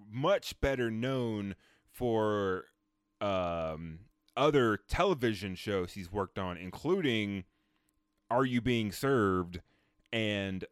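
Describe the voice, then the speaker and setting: A man hosting a casual film review podcast, animated and profane, with lots of fillers. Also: on the low side, takes it slowly, clear, resonant tone, no echo, studio quality. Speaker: podcast host.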